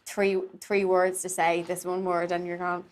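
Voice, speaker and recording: A woman's voice: fairly low pitch, little pitch movement, a little slow. Dublin woman rambling with "like". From Ireland. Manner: rambling, many "like" fillers. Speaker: guest theatre maker. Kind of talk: casual conversation.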